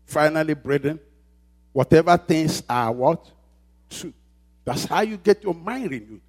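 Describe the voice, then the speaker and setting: A man's voice: fairly high pitch, lively intonation, unhurried. A man preaching a sermon as pastor, emphatic and repeating phrases, calling out questions for the congregation to answer. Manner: call-and-response questions to the congregation.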